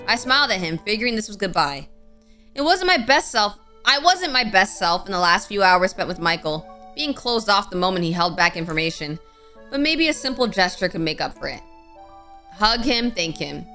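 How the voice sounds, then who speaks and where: A woman's voice: mid-range voice, fairly quick, soft background music. A young woman streamer reading a game story aloud with dramatic flair and playful casual asides. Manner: expressive, with sudden playful outbursts.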